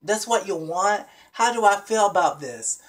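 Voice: mid-range voice, animated, moderate pace, fairly bright tone, low-quality recording. Vlogger doing blunt sister, incredulous, questioning.

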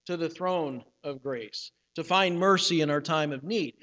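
A man preaching a sermon as pastor, measured, slowing down for emphatic phrases, with some restarts and fillers. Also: on the high side, fairly bright tone. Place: church sanctuary. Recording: church hall with long reverb.

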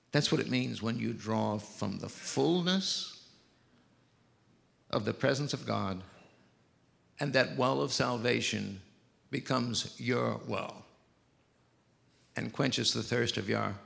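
An older pastor with a deeply gravelly voice, preaching in slow, heartfelt phrases. His voice rings out through a long, reverberant church hall. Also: a bit bright. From Mississippi, US. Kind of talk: sermon.

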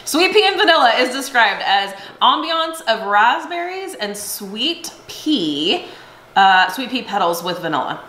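A woman's voice: on the high side, sing-song, a little slow, sharp tone. A woman who owns a soap shop chats casually on camera, reading scent descriptions aloud and laughing often. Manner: chatty and giggly, reads scent descriptions aloud. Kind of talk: casual on-camera product chat. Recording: roomy echo, faint background noise.

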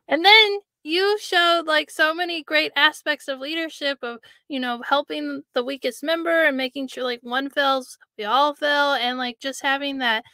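A woman's voice: high-pitched, steady tone, measured pace, pushed and bright, no echo, clean studio sound. A woman hosting a podcast interview, asking questions and reacting with enthusiasm. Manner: enthusiastic, chatty. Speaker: podcast host.

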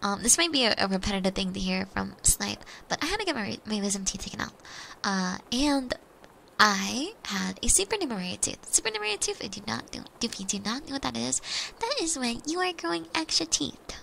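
A young woman streamer telling casual rambling stories during an ASMR stream, swearing freely and slipping into soft whispers. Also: medium pitch, big pitch swings, a little fast, vocal fry, slight background noise. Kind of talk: chatty ASMR stream storytelling.

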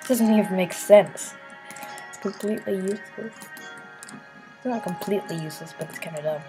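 A woman chatting casually while building in a game, playful and silly, rambling to herself and sometimes dropping into soft murmurs. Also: medium pitch, normal speed. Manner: drops into soft murmurs and whispers. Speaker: Minecraft builder. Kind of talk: casual gameplay commentary. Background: background music and keyboard clicks.

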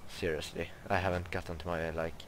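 A young man, commenting on his own video game play, who gets excitable and yelps and shrieks when startled. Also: deep voice, a little fast, a little hiss or hum. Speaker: gaming YouTuber.

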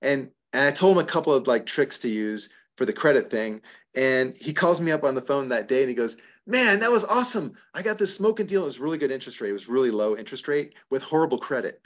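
Animated storytelling man host. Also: mid-range voice, quick pace, lo-fi sound. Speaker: host answering member questions. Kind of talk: casual advice talk.

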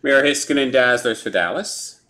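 A man's voice: medium pitch, sharp tone. Man calling out hockey card pulls. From Canada. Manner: brisk listing of player names and teams, chuckling over names. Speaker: card break host. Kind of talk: live sports card break, calling out pulls. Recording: noisy room with card-pack crinkling.

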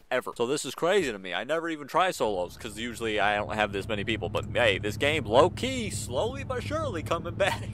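A young man giving excited, slangy commentary while playing a shooter game, swinging from low mutters to sudden yelps. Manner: hyped, slangy, jumps from mumbling to sudden yelps. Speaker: gaming YouTuber.

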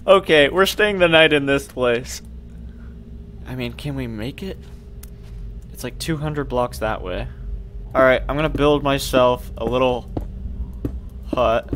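A man's voice: mid-range voice, measured pace, a bit bright. A young man commentating his own horror gameplay, jumpy and swearing, with panicky outbursts. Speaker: gaming youtuber.

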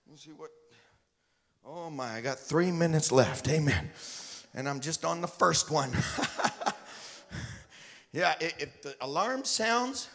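A man's voice: a little high, lively intonation, takes it slowly, vocal fry, pauses often, a bit bright. A man preaching a sermon as a missionary, calling on the congregation to repeat after him and joking with them. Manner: call-and-response with the congregation; jokes with the crowd. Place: church sanctuary. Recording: echoey church hall.

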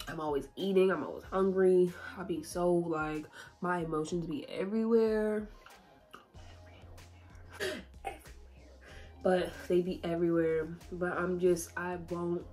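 A young woman talks casually to her viewers in a vlog. Her voice sits a little low, and she is chatty and emotional, often laughing and holding back tears. Faint music plays behind her. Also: fairly even intonation, measured pace, pauses often, dark tone. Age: 20s. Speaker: YouTuber.

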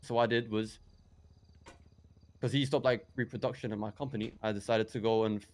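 A young roleplayer with a lowish voice speaks briskly and in a steady tone as he recounts events in character. The telling is rambling and hesitant, marked by repeated restarts and fillers.

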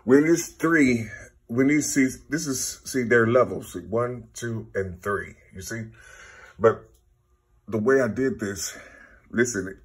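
Male, very husky and slow, murmurs numbers in a rambling spiritual talk. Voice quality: very husky, slow, low-key. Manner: keeps saying "you see", counts numbers half-aloud. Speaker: self-taught numerology teacher.

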